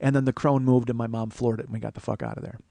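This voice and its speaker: A man in his forties, a podcast host, telling a profane, animated comedic story. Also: mid-range voice, rapid-fire, vocal fry, no room sound. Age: 40s. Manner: profane, animated, restarts often.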